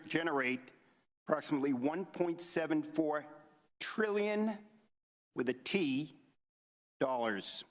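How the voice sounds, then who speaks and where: A man opens a hearing with a formal statement, reading steadily from prepared remarks. His voice sits a little above the usual male range. The room adds a long, hanging reverb. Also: fairly high pitch. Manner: measured, reads from prepared remarks. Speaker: committee member chairing a hearing.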